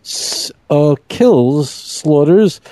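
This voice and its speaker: Middle-aged guy, rabbi, explaining scripture all emphatic, dry close sound, a bit higher voice. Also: extremely slow, dry recording. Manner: animated, emphatic teaching with repeated phrases. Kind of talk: podcast Bible discussion.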